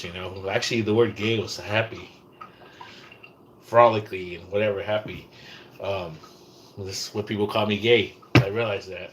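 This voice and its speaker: Rambling low-voiced man from California. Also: steady tone, normal speed, a bit bright, a little hiss or hum, poor audio. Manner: rambling, profane, trails off and restarts. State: low blood sugar, shaky. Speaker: livestreamer. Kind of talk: casual livestream chat.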